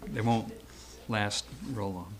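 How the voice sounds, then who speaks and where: A man's voice: fairly low pitch, takes it slowly. A man around seventy reading a prepared eulogy for an old friend, hesitant at first and then telling stories with acted-out quotes.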